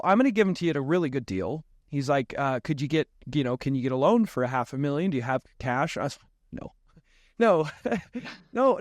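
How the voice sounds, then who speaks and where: A man guesting on a podcast, spinning an animated story and acting out the dialogue as he goes. His voice sits a little high, and he laughs often. The sound is dry and close to the mic. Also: no room sound. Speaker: podcast guest, real estate investor. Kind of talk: casual storytelling interview.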